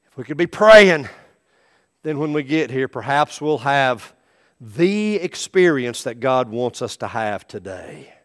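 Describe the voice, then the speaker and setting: A middle-aged man preaching a sermon as pastor, animated, acting out the people in his stories. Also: medium pitch, a little slow. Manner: animated preaching, acts out quoted voices.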